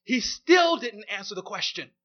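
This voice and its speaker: A man's voice: sits high, big pitch swings, moderate pace, sharp tone. A man preaching a sermon, emphatic and repeating his key phrases for weight. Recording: dull lo-fi recording.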